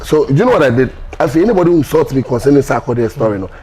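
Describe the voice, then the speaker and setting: A man's voice: medium pitch, animated, very fast, mellow, low-quality recording. This is a Ghanaian man telling his side of things as an interview guest, in a mid-range voice. He mixes Pidgin and English and acts out the lines other people said to him. A faint hiss runs under the recording. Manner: mixes Pidgin and English, acts out quoted dialogue, laughs often. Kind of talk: animated storytelling interview.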